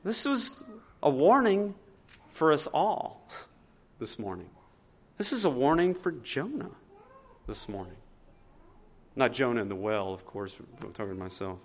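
A man preaching a sermon as pastor, swinging between loud emphatic points and quiet asides. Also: mid-range voice, very animated, unhurried, long pauses.

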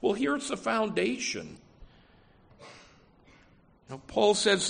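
A man's voice: mid-range voice, very animated, takes it slowly, gravelly. A man preaching a sermon in a conversational way, often saying "you know" and restarting phrases. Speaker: pastor.

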